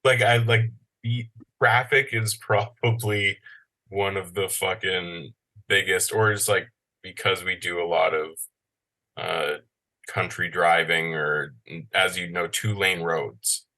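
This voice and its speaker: A man who is a podcast guest, chatting casually, telling excitable stories and acting out quotes, swearing along the way. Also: deep voice, takes it slowly. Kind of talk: casual chat.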